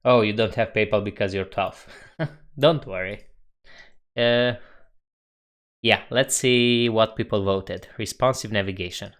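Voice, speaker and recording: Slow-talking man chatting on a live stream. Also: lowish voice. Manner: relaxed, chuckles often, reads chat aloud. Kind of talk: casual live stream chat.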